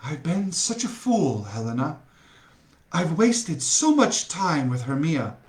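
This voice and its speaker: Storybook lover, young man, earnest and murmuring as a male reader does him, slow, echoey room. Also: fairly high pitch, big pitch swings.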